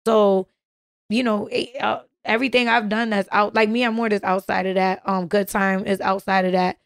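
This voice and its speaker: A woman's voice: medium pitch, flat delivery, moderate pace, vocal fry, smooth, dry recording. Dry-sounding woman telling music stories. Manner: storytelling, slangy, retells exchanges. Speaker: recording artist guest. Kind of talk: casual chat.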